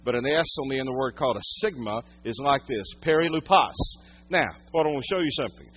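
A man preaching a sermon, teaching from the Bible, swinging from loud emphatic lines to hushed quiet ones. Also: mid-range voice, animated, quick pace, lo-fi sound, slight background noise. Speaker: pastor.

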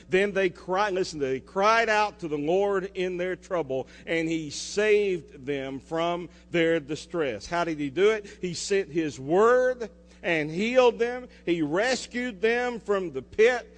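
A pastor preaching a sermon, swinging between loud declarations and hushed asides and putting questions to the congregation. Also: male voice, a little high. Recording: reverberant hall with mains hum.

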